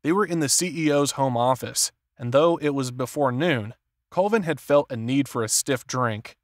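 Male narrator, measured thriller reading, medium pitch, dead-dry recording. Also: no room sound. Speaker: audiobook narrator. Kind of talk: scripted narration.

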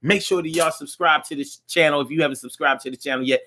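A man hosting a call-in show, reacting to comments in a loose, slangy, animated way. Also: on the high side, fast talker, noisy background. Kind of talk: casual live show chat reading comments.

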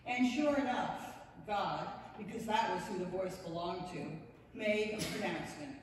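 A woman's voice: mid-range voice, normal speed. A woman pastor delivers a storytelling sermon with wry, playful asides. Her voice rings through a reverberant church sanctuary, caught by a mic set some way off. A faint hum of room ambience sits underneath. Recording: echoey church hall, distant mic.

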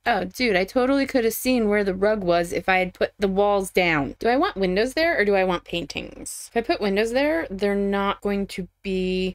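A woman's voice: medium pitch, no echo. A woman casually thinking aloud while building in a game, questioning herself, indecisive and swearing now and then. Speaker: gaming content creator.

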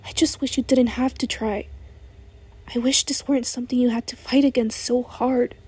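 A tired, gentle man speaks slowly and softly, patient under his worry, voiced by a woman reading an audiobook. The voice is hoarse and mellow, a little higher than usual, and the recording is dry and close. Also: steady tone, no room sound.

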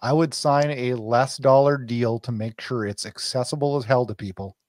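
A man's voice: mid-range voice, fairly even intonation, normal speed, a little mellow, no room sound. A man co-hosting a hockey podcast, ranting emphatically and repeating his points. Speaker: podcast co-host. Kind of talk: casual sports chat.

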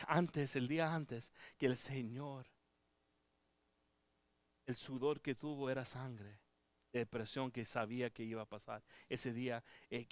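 A man preaching a sermon, moving between loud proclaiming and hushed pleading, with halting restarts. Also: medium pitch, no room sound. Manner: halting, with many restarts and fillers. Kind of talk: bilingual sermon. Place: church.

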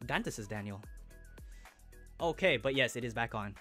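A young man hosting a live stream, chatting casually and excitedly with viewers in slang as he opens trading cards. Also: medium pitch, moderate pace, pauses often, faint music behind.

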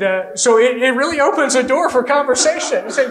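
An American man preaching a sermon as pastor, telling stories in an animated way and acting out little voices. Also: very high voice, a little fast, few pauses, poor audio. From United States.

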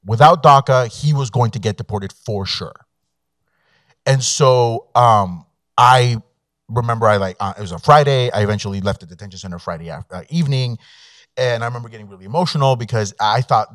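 A man's voice: mid-range voice, fairly quick, fairly bright tone, dry recording, studio quality. A man, an immigration attorney, telling a personal story to an audience in a conversational way, with fillers and quoted dialogue. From Mexico. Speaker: immigration attorney, guest speaker. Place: law school event room.

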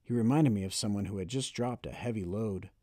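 Man narrating an audiobook in low, mellow tones. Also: fairly quick, no room sound, studio quality. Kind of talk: first-person audiobook narration.

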